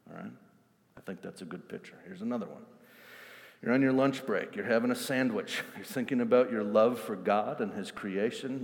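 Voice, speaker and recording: Intense male preacher in reverberant hall. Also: on the low side. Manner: intense, animated, acts out scenes. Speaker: pastor. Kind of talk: sermon.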